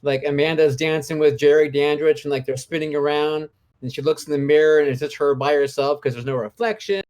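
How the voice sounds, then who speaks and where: A man's voice: fairly high pitch, steady tone, brisk, a little mellow. A man co-hosting a casual podcast chat from home, gushing enthusiastically like a devoted fan. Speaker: co-host. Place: home, remote live show during lockdown.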